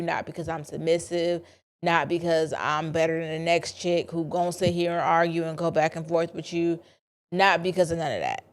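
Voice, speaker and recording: A young woman, talking candidly to her listeners in a casual solo podcast. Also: fairly low pitch. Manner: candid, chatty, confiding with listeners. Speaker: podcast host.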